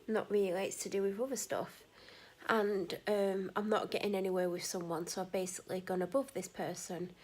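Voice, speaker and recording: Speaking at a normal speed with a medium, fairly flat pitch, a worn-out woman wanders through casual vlog talk. Her meandering chat includes frequent self-corrections and moments where she drops almost to a whisper.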